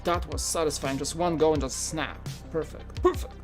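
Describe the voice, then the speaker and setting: With music behind him, a man from Poland with a Polish accent rambles easily through a live toy-building stream, responding to viewers' questions. His voice is a little high, his speed normal, and his relaxed chatter is full of "like."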